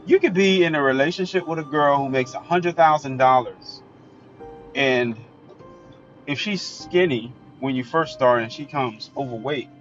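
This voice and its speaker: A man's voice: medium pitch, a little slow, fairly bright tone. A man giving a blunt, emphatic, opinionated solo monologue as a commentator. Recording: dull lo-fi recording with faint music.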